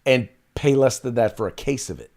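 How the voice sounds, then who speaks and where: A male co-host of a political talk show, emphatic as he steers the conversation. His mid-pitched voice swings widely up and down. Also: fairly quick, creaky. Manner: animated, emphatic, wraps up segments. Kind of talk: casual political commentary.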